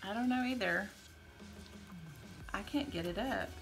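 A middle-aged woman co-hosting a casual tasting vlog with her daughter, upbeat and quick to sound delighted. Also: medium pitch, soft background music, low-quality recording. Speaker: vlog co-host, mother. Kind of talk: casual chat.

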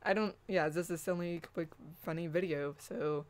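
A woman's voice: lowish voice, moderate pace. A woman hosting her own channel, chatting casually, laughing often and restarting her sentences. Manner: laughing, rambling, with repeated restarts. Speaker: channel host. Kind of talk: casual vlog chat.

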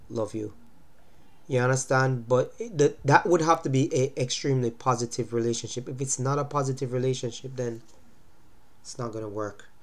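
A young man speaks to camera in a casual vlog, his voice stuffed up and light from a cold. He lectures about relationships in a mid-range voice and keeps stopping to ask whether the listener understands. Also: medium pitch. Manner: lecturing, repeatedly asks "you understand?". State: congested from a cold. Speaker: vlogger giving relationship advice. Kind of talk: casual talking-to-camera monologue.

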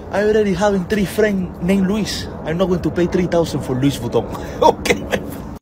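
A man's voice: sits high, expressive, unhurried, noisy background. Man scolding in broken English. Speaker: comedy sketch creator playing a strict dad. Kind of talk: comedic sketch.

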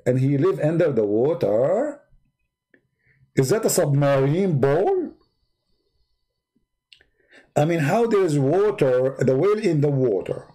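A man's voice: fairly high pitch, mellow. A man hosting his own channel, giving sarcastic commentary while he draws, with rambling asides and mocking rhetorical questions. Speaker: channel host.

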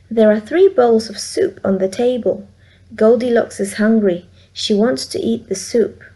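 Brief: Vietnamese-accented mother reading aloud, slightly high voice, clear and slow. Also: mellow. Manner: slow, clear, simple sentences. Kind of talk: storybook read-aloud.

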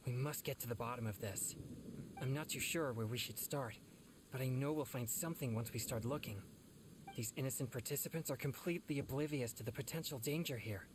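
A man's voice: medium pitch, fairly quick, lightly acted. An actor playing an earnest, dutiful young male exorcist in a video game, speaking solemnly and protectively. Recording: game audio with background noise.

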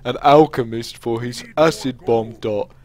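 Man doing a slow ogre voice, blunt, dim-sounding, plodding, mid-pitched. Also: a little mellow, close to an everyday voice.

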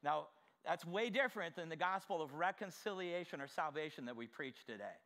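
A man preaching a sermon with fervor, asking the congregation direct questions and swinging from quiet asides to shouted exclamations. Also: a little high, lively intonation, fairly quick. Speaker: pastor.

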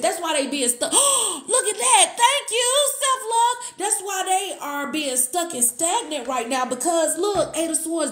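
A woman doing a live tarot reading, excitable, gasping and thanking viewers as she goes. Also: high-pitched. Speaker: tarot reader. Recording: echoey room.

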